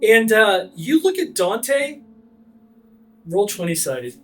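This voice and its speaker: A man's voice: high voice, slow pace, faint music behind. A man narrating vividly as game master of a tabletop game. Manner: vivid, energetic narration with frequent fillers.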